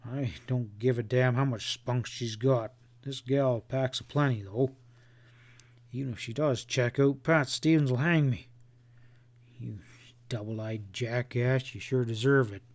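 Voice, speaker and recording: A man reading a thick-set frontier guide who talks in a gruff, plain drawl. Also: medium pitch, steady tone, a little slow, lightly acted. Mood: self-scolding.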